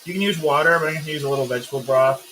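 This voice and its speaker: A man hosts a live cooking stream, talking through each step with easy banter. His voice sits a bit high, and there is a faint hiss behind him. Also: racing. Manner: joking, chatty, explains steps. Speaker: cooking show host. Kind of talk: casual live cook-along chat.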